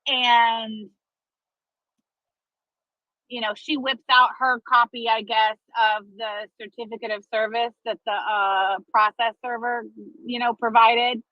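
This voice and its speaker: A slightly high-pitched woman speaks slowly with little variation in pitch, recorded dry, lo-fi and dull, without echo. She's an online commentator recounting a long piece of gossip casually and dramatically, swearing and dragging out her fillers.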